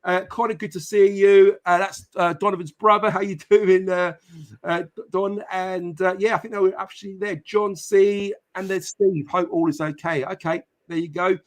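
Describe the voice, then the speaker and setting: A chatty man hosts a live football podcast stream, his voice sitting a little higher than most men's. He talks casually with plenty of ums and uhs. He greets viewers one by one by name. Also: fairly even intonation, moderate pace. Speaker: podcast host.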